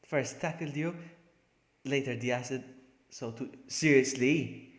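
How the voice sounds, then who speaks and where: A man's voice: medium pitch, a little slow. A man live-streaming a video game, joking with chat and laughing often. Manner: joking, excitable, laughs a lot. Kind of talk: live gameplay commentary. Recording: echoey room with faint noise.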